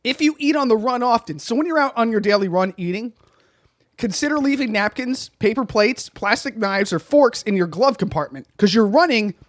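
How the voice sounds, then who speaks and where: A man's voice: extremely high pitch, expressive, moderate pace, no room sound. A young man co-hosting a casual comedy podcast, reading instructions aloud in a mock-serious way and laughing often. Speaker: podcast co-host.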